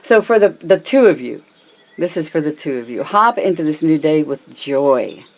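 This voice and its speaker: A woman with a low-pitched voice talks through a tarot reading in a relaxed, chatty way. She addresses her viewers warmly as her loves and honey. Her pitch swings up and down, and she slows down to stress key words. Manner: varies her pitch and pace a lot, slows down for emphasis. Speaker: tarot reader. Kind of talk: casual tarot reading to camera.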